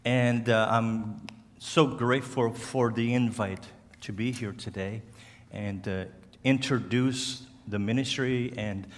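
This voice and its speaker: A man from Cape Breton Island with a Cape Breton accent, speaking as a guest at church in a slow, halting way, with slurred words and restarts. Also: mid-range voice, fairly bright tone. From Cape Breton Island, Canada. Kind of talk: church talk to a congregation. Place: church hall. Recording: church hall reverb.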